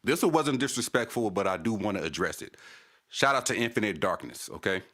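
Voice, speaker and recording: A man's voice: lowish voice, animated, a little fast, a bit bright. Casting note: a male stream host in a heated, profane casual rant, repeating his points. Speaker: channel host.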